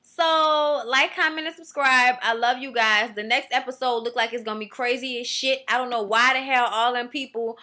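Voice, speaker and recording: A woman's voice: fairly high pitch, steady tone, normal speed, few pauses, bright, forceful tone. A woman reviewing a reality show in blunt, profane, opinionated casual vlog commentary.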